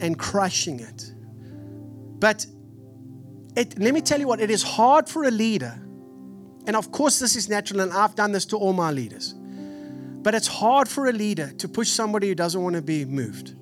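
A man in his forties with a Texan accent, preaching a sermon in an animated, storytelling way. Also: sits high, normal speed, music in the background. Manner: animated storytelling, acts out family voices. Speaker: pastor. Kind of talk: sermon with personal stories.

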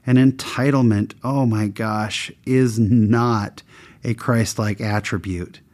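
Speaking slowly in a steady, slightly mellow voice, a man tells a self-mocking, candid personal anecdote that carries a moral lesson. He imitates the characters with big pitch swings.

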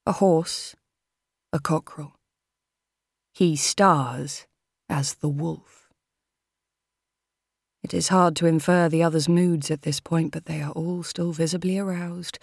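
A woman reading an audiobook in a measured, steady manner. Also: sits low, dry recording, studio quality. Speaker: audiobook narrator. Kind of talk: audiobook narration.

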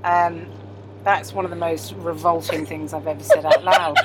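A woman's voice: lowish voice, fairly even intonation, moderate pace. A young woman comedian chatting casually as co-host, self-mocking and laughing often, recorded on a moving train at night. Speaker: podcast co-host and stand-up comedian. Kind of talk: casual chat. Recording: background train noise.

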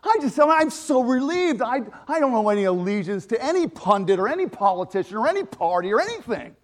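Male preacher, pretty high voice, all over the place in pitch, punchy then hushed. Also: very animated, brisk. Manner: emphatic, swings from loud exclamations to quiet asides. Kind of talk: sermon.

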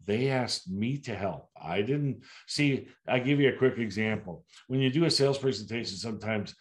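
An older man from the United States, a sales producer being interviewed, telling stories animatedly and acting out client dialogue. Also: moderate pace. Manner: animated, acts out client dialogue with big pitch jumps.

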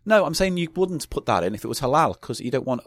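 A chatty man speaking at an average pitch, his intonation rising and falling widely. He rambles along with mock-posh asides while nursing a toothache. His voice sounds dry and close. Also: sing-song, fast talker, no room sound. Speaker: podcast guest. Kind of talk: casual comedic chat. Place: small enclosed booth.

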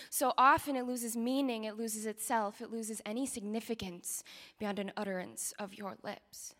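Woman doing dramatic spoken word poetry, bright voice, big echoey hall. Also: a little high, fairly even intonation, normal speed. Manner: dramatic, swinging from loud declarations to hushed whispers.

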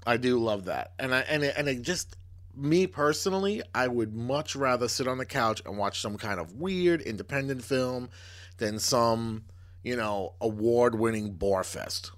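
A man's voice: medium pitch, expressive, a little slow. A man co-hosting a podcast in casual chat, joking and laughing often. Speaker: podcast co-host.

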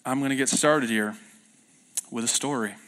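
A man's voice: medium pitch, normal speed, a bit bright. A young man preaching a sermon as pastor in a church, telling stories in a loose, self-deprecating way with fillers and restarts. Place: church sanctuary.

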